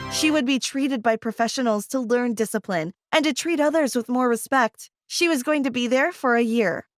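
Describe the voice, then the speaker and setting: A woman narrating a scripted first-person animated story in an expressive, dramatic way. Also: on the high side, no room sound, clean studio sound.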